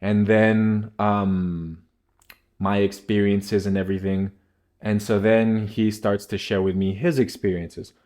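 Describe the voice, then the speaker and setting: A man's voice: on the low side, flat delivery, slow, a little mellow. A young man telling a rambling casual story, packed with filler words.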